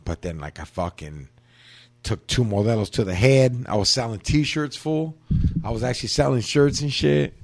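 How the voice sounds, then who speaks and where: A man's voice: medium pitch, moderate pace, vocal fry. A man telling a long casual story as a podcast host, slangy and heavy on profanity.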